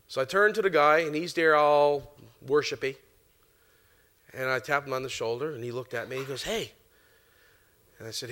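A middle-aged man from Canada preaching a sermon, telling a personal testimony in an animated way and laughing often. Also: fairly high pitch, moderate pace, long pauses.

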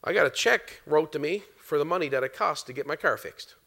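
A middle-aged man from Canada preaching a sermon, telling a personal testimony in an animated way and laughing often. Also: fairly high pitch, brisk, creaky.

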